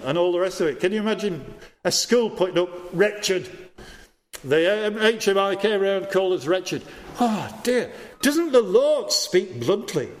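A man preaching a sermon, blunt and earnest, acting out the voices he quotes. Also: high voice.

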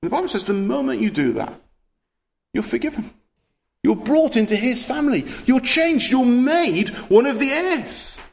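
High-voiced earnest preacher. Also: male voice, sing-song, normal speed, vocal fry. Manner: earnest, emphatic, with rhetorical questions and repeated words. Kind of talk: sermon.

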